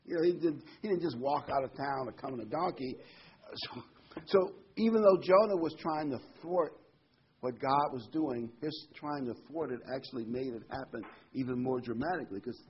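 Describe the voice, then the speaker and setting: A man's voice: mid-range voice, moderate pace. Guy preaching a laid-back bible lesson, rambles a bit, reads verses out, dull lo-fi recording with faint hiss. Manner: conversational and digressive, reads scripture aloud. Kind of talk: informal Bible teaching.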